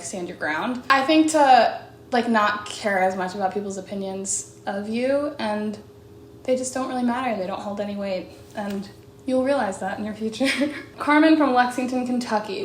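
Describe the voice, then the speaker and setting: A young woman singer chatting casually as she answers fan questions, bubbly and full of "like"s and quick laughs. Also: medium pitch. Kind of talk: casual chat. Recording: echoey room with faint background noise.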